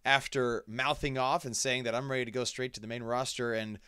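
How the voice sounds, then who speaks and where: A man riffs through a video game playthrough, joking and reacting excitedly to the cutscenes as he goes. His voice sits at an ordinary middle pitch, recorded close and dry on a desk mic. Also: brisk, clear, resonant tone, dry recording. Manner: jokey, excitable, talks back to the game. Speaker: gaming commentator. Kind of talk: playthrough commentary.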